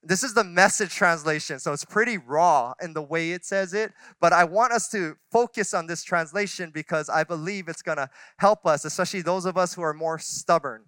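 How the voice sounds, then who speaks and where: Male pastor, forties, candid storyteller with restarts; bright, crisp tone. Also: on the high side, normal speed, few pauses, no echo. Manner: conversational, self-deprecating storytelling with many restarts. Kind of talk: sermon. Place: church sanctuary.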